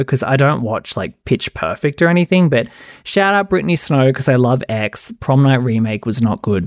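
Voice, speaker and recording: Sarcastic and relaxed, this man hosts a solo pop-culture podcast about reality TV, saying "like" nonstop. The audio is studio quality with no room sound, and his voice sits at a medium pitch.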